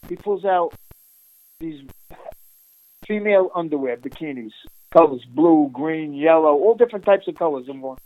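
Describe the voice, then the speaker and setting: An animated man tells a streetwise story in a casual interview, laughing often and restarting his sentences. His voice sits fairly high for a man, and the sound is dry and close. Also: normal speed, pauses often, dry recording, rough recording. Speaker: interviewee recounting undercover work.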